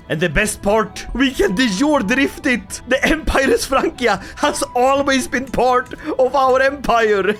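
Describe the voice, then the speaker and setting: Brief: high, animated man narrating strategy gameplay, theatrical bursts of glee, faint music under. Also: takes it slowly, hardly any pauses. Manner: excitable, theatrical, laughs often. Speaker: gaming video creator.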